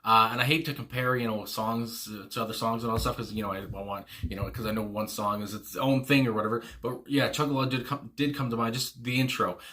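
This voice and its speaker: A man's voice: medium pitch, fairly even intonation, fast, few pauses, pushed and bright. A young man hosting a casual music reaction, rambling with many fillers and restarts and laughing often. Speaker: music reaction channel host.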